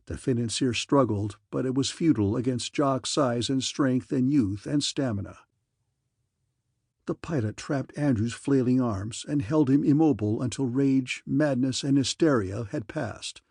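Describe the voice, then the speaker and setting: Husky male audiobook narrator. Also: mid-range voice, a little slow, a little mellow, no echo, studio quality.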